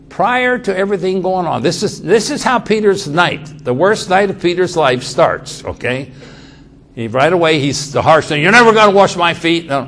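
A man preaching a sermon, reading scripture aloud and acting out the quotes with sudden swings in loudness and pace. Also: a little high. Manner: dramatic quoting of scripture, shifting loudness and pace.

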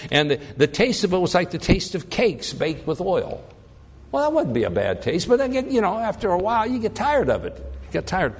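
A man teaching a Bible passage in a conversational sermon, acting out the people's complaints with lively emphasis. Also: fairly high pitch, long reverb tail. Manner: animated, acts out the people's complaints. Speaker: preacher.

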